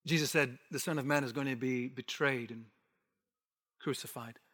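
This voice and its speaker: A man preaching an expository sermon, emphatic, rising to forceful bursts and dropping to hushed asides. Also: medium pitch, steady tone, moderate pace. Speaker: pastor. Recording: long hall reverb.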